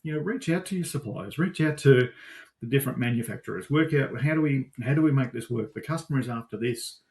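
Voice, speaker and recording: An Australian man answering interview questions casually, lively and animated, getting worked up as he tells stories. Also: medium pitch, fast. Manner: animated storyteller, gets worked up. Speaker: guest, supplier sales manager.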